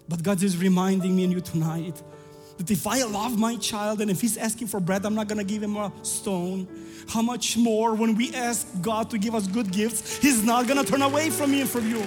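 A high-pitched man preaches in a church, his voice ringing with long reverb through the hall while music plays faintly beneath. He tells stories warmly and rises to fervent, shouted climaxes. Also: moderate pace. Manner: storytelling, building to fervent climaxes. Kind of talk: sermon.

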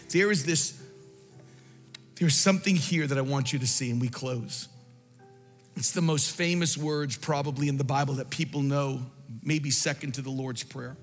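A man preaching a sermon as pastor in a large church hall, impassioned and repetitive, rising to shouts at the peaks. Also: mid-range voice, normal speed. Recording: long reverb in a large hall, faint music.

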